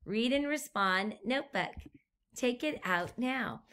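Slow, bright-voiced woman reading to kids. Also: a little high, animated. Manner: gentle, slow, questions to the listener. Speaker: teacher. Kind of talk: reading aloud to young children.

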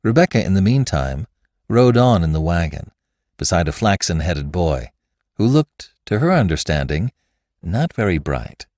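A man reads a classic tale aloud in scripted, expressive narration. His voice is very deep, with a lively, varied intonation. The recording is dry and close. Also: moderate pace, dry recording. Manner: expressive reading. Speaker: podcast narrator.

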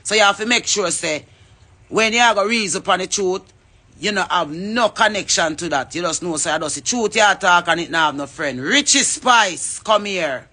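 A woman's voice: fairly low pitch, fairly quick, pushed and bright. Fervent Jamaican woman rallying people. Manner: fervent and emphatic, rallying and calling out others by name. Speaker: reggae artist. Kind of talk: impassioned public address.

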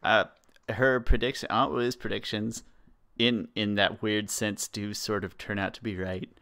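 A young man co-hosting a podcast, giving rambling, opinionated takes that often trail off quietly. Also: lowish voice, fairly even intonation, unhurried. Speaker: podcast co-host. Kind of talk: casual podcast chat.

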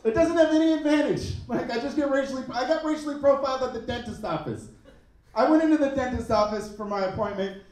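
Guy in his 30s doing stand-up, super animated, echoey club sound from a ways off. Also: quick pace, far from the mic. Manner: animated, swings pitch up for punchlines. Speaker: stand-up comedian. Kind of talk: stand-up comedy set. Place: comedy club stage.

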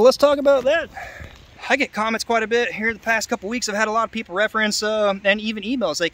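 Roofer guy, fairly high voice, sarcastic and chatty, walking a roof outdoors for his vlog. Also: fairly even intonation, fast, a bit bright. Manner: sarcastic, chatty, talks to viewers. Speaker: roofing contractor. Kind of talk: on-site roof inspection vlog.

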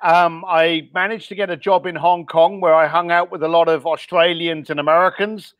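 Middle-aged guest with a blurred East London accent: high-pitched, candid, casual, the odd swear, dry close sound. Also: male voice, steady tone, normal speed, no echo, muffled recording. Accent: mixed East London. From East London, England. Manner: candid, blunt, with mild swearing and frequent ums. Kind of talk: casual podcast interview.

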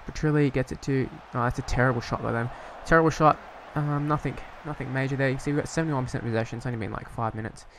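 Casual gamer, young man, mid-pitch voice, rambling play-by-play with sweary outbursts, faint hiss behind. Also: fairly even intonation, racing, few pauses. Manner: rambling, hesitant, bursts into swearing frustration. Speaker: gaming YouTuber. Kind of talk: casual game commentary.

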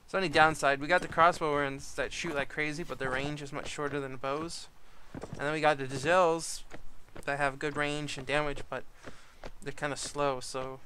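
A chatty man commenting over his own gameplay, his voice sitting a little high for a guy. He laughs a lot and shouts at his troops when things get hectic. There's a clear hiss of background noise under the home recording. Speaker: gaming YouTuber.

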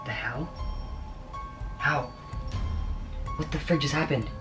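A man's voice: fairly high pitch, takes it slowly, over music. Young man in a frantic ghost-hunting vlog. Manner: frantic, swearing exclamations; hushed whispering. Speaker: vlogger. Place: his bedroom.

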